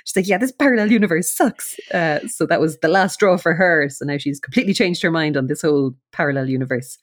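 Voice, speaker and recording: A woman's voice: deep voice, quick pace. A woman co-hosting a casual recap chat, enthusiastic and laughing often as she retells scenes. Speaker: podcast co-host.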